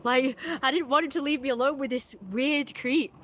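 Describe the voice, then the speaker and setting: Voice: high-pitched, brisk, a bit bright, dull audio, slight background noise. Rambling streamer, chatty. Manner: rambling, chatty storytelling with many fillers. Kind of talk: casual live-stream chat.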